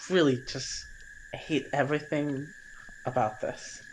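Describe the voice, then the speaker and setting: A man's voice: on the high side, steady tone, unhurried, slight background noise, close to an everyday voice, low-quality recording. Brief: exasperated young spellcaster at her limit, half screaming, played by a male tabletop player. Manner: fed-up, pleading, screaming. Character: exasperated young female sorceress screaming in frustration.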